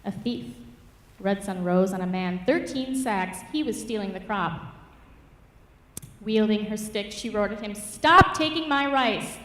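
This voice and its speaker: A woman mentor reading her own rhyming fable aloud at a public reading, with rhythmic, expressive storytelling. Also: mid-range voice, measured pace, long pauses. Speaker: writing mentor. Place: church hall at a public reading. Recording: echoey church hall from far off.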